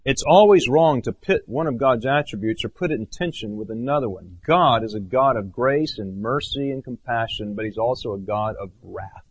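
A man preaching a sermon as pastor, earnest, swinging between raised emphatic phrases and low hushed ones. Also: animated, moderate pace, few pauses, slightly rough, highs cut off.

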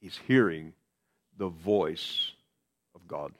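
A man's voice: low-pitched, slow pace, background noise. A man preaching a sermon in a conversational way, repeating key phrases for emphasis.

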